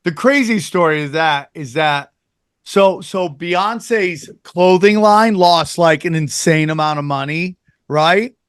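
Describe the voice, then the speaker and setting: Slightly high-voiced joking male co-host. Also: slow, clear, resonant tone, no echo, clean studio sound. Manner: riffs in comic bits and imagined scenes. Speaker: podcast co-host. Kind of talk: casual podcast banter.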